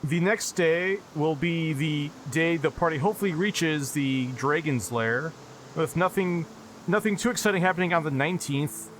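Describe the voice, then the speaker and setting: A man narrating as game master of a tabletop game, with even descriptions and dry asides. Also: on the high side, moderate pace, slight background noise.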